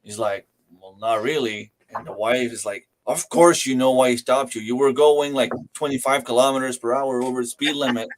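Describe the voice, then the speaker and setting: A man's voice: medium pitch, normal speed, hardly any pauses. A man telling a joke in casual chat, acting out the characters. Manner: telling a joke with acted voices.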